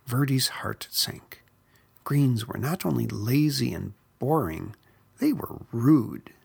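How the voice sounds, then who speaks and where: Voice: mid-range voice, creaky, slightly rough. A narrator reading a children's picture book aloud. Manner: expressive, unhurried. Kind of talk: storybook read-aloud.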